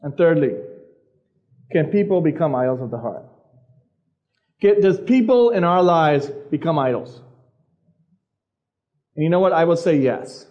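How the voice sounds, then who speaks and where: A man's voice: on the high side, animated, a little slow, long pauses, a little mellow. A man preaching an informal sermon to teenagers as a youth pastor, chatty, asking questions of the room and repeating his phrases. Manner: conversational, asks the crowd questions, repeats phrases. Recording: dull lo-fi recording of a live service.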